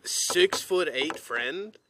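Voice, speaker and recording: A man's voice: a little high, animated, drawn-out words, a bit bright, slight background noise. A young man as a podcast guest, telling school stories casually and laughing along. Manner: laid-back, laughs through his stories. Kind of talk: casual chat, storytelling.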